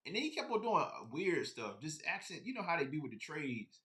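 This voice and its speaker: A man's voice: fairly high pitch, sing-song, brisk, sharp tone. A man chatting casually on a live stream about his sneaker collection, rambling and talking straight to his viewers.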